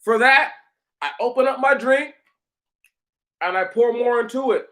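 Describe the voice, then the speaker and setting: A high-pitched man with a bright, cutting tone rants on his own channel. He is profane and confrontational, and he talks at an unhurried, drawn-out pace as he mocks the people in his comments. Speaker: channel host answering commenters. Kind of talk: heated livestream rant.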